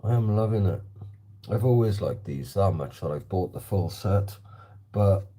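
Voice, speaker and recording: Dark, husky man chatting. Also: low voice, expressive, unhurried. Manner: chatty, reads out and answers viewer comments. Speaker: slingshot vlogger. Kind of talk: casual talk while target shooting. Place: indoor hallway.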